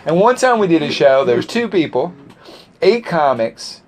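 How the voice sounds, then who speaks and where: A man's voice: a little high, big pitch swings, moderate pace. A man who is a stand-up comedian, telling stories in casual chat with dry, self-mocking humor.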